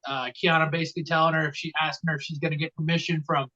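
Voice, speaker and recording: On a wrestling podcast, this male co-host rattles through the recap rapid-fire, his delivery flat and his tone sharp, leaning on fillers and dry humor. It's recorded on a dull, low-quality mic.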